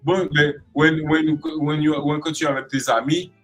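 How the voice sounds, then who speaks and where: Guadeloupean guy, animated, acting stuff out, slightly high voice, faint music behind. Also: moderate pace, rough recording. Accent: Guadeloupean French. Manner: animated, acts out expressions with playful voices. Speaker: creative arts specialist guest. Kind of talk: casual interview chat.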